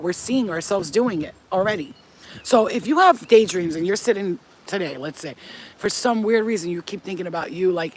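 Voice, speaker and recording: A woman giving a casual spiritual pep talk to her viewers as a reader, blunt, profane and animated. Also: on the low side, slight background noise.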